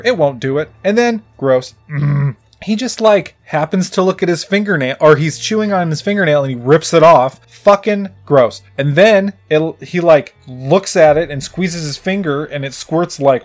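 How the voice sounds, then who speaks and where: A man casually recapping a movie in a rambling, profane way, with lots of filler words. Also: a little high.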